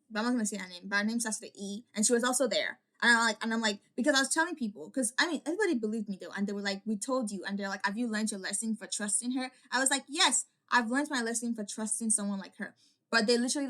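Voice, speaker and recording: A woman's voice: fairly high pitch, pushed and bright. A young woman vlogger telling a personal story in a casual, rambling way, full of "like" fillers and restarts.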